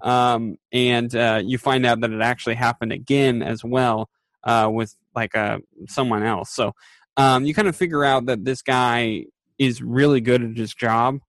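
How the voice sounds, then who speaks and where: A podcast co-host with a medium-pitched male voice and no echo chats casually, recapping a TV episode. He rambles with lots of fillers and acts out quoted lines.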